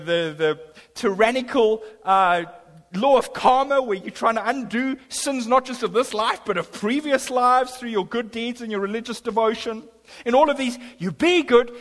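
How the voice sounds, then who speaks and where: Impassioned preacher man in a reverberant hall. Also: high-pitched. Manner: impassioned preaching, voice swelling on key lines. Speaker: pastor. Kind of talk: sermon.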